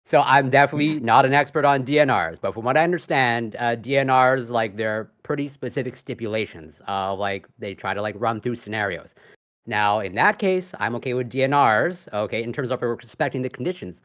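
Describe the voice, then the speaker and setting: A man's voice: medium pitch, a little fast, fairly bright tone. A man arguing his side in a live-streamed debate, hesitant and full of self-corrections.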